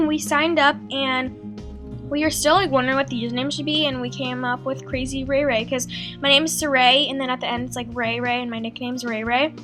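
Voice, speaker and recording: A woman's voice: high-pitched, pushed and bright. A teenage girl telling her life story as a vlog voice-over, chatty and loose, with lots of likes and ums, acting out the things she said back then. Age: teens. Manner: chatty, full of likes and ums, acts out her own quotes. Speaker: beauty vlogger. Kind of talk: draw-my-life voice-over narration. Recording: faint music underneath.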